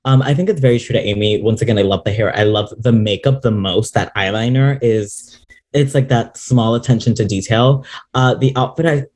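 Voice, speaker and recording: A young man co-hosting a casual podcast, giggly and animated in his delivery. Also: on the low side. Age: young adult. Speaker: podcast co-host.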